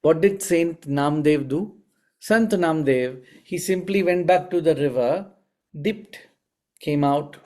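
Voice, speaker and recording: A man with a warm, mellow tone and a slightly higher voice teaches about spiritual healing. He tells his stories in an animated way. He often checks in with his listeners through rhetorical questions. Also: slow pace. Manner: asks the audience frequent rhetorical questions; animated storyteller. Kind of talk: teaching talk with storytelling.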